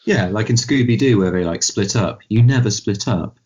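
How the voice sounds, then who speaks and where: A deep-voiced man talks through a film on a casual podcast, rambling and animated. The recording is slightly dull and lo-fi. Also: normal speed, husky. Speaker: podcast co-host.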